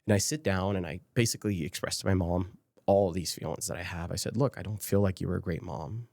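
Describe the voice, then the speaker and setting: A man from Las Vegas with a low, gravelly voice, speaking as a guest on a podcast. He tells a candid personal story and acts out old conversations as quoted dialogue, and at times he is emotional and choked up. The sound is dry and close, with no room around it. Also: fast talker, darkish tone, no room sound. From Las Vegas, USA.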